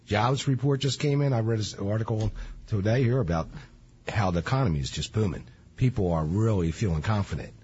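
A man hosting a casual radio talk show about real estate, chatty and fond of jokes, with a husky voice. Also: on the low side, a little fast, a little mellow. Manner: chatty, jokey storyteller. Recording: dull lo-fi radio audio.

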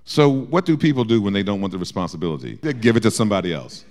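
A man leading a Bible study, his low voice rising and falling in wide swings. He acts out the quoted lines as he teaches. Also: quick pace. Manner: lively, acts out quotes with shifting voice.

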